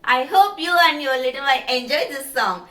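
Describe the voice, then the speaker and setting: A woman's voice: sits high, moderate pace, a bit bright. A woman hosting a children's song video, giving parents simple, encouraging instructions. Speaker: host of a children's song channel. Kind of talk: intro talk to parents before a kids' song.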